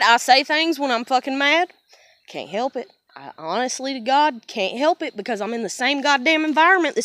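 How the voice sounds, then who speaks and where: A young woman from the United States pours out a raw, profane rant straight to her camera. Her voice sits high, and it comes across dry and close with no room sound. She is blunt and fiery throughout. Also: a bit bright, dry recording. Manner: blunt, heavy swearing, fiery. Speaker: vlogger. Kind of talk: emotional personal rant to camera.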